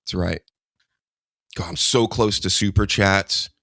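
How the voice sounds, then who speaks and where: A man with a lowish voice hosts a laid-back comedy podcast, rambling from topic to topic and ribbing his guest. The sound is close and dry, with almost no room around him. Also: fairly even intonation, measured pace, creaky, pushed and bright, no room sound. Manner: rambling, joking, teasing. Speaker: podcast host. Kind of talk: casual comedic chat.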